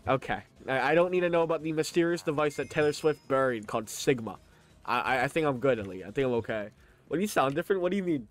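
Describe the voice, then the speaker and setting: Young man talking through a lisp. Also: fairly high pitch. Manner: chatty and joking, laughs often, stammers on restarts. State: slurred lisp, mouth held open by new braces, full of saliva. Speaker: live streamer. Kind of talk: casual live-stream chat, reading chat aloud.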